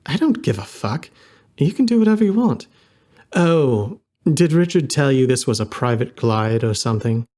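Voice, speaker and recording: A man's voice: medium pitch, very animated, normal speed, darkish tone, close to an everyday voice. A man reading an audiobook, voicing a brash young woman in a fox costume who swears freely and brushes people off. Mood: dismissive.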